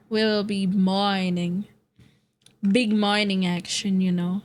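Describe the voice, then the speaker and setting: A woman's voice: medium pitch, steady tone, slow. A woman streaming casually as a VTuber, chatting to her viewers with frequent laughter, repeated phrases and free swearing. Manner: talks to chat and friends while setting up a game. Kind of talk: casual live-stream chat.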